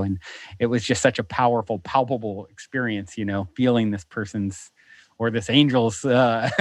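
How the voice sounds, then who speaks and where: A man who is a podcast guest, telling a story in a casual, animated, rambling way with many restarts. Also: medium pitch, no echo. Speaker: podcast guest who hosts his own show. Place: lives in a beach town.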